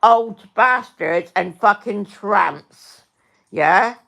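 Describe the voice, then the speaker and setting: A middle-aged woman on a home livestream, talking slowly and deliberately but heated throughout. She swears freely, repeats herself, and keeps turning to address her viewers by name. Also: mid-range voice, creaky, a bit bright. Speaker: livestream host. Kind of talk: angry livestream rant.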